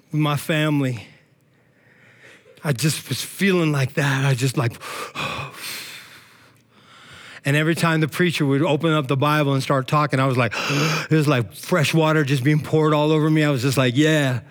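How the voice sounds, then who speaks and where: High-voiced man preaching a fiery sermon. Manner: shouting bursts of praise, casual slang. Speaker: pastor. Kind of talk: energetic sermon.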